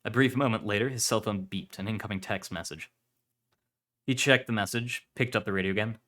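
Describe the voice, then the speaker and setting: A man reads a story aloud on a live stream, keeping a steady narrating pace. His voice sits on the low side, and he corrects small slips as he goes. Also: fairly quick.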